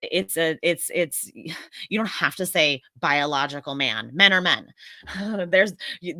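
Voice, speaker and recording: A woman from the United States chats casually on a live stream. Her voice sits low but sounds bright and forceful, and she is earnest and reflective. The sound is dry and close. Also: slow, dry recording. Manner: earnest and reflective, often restarting her sentences.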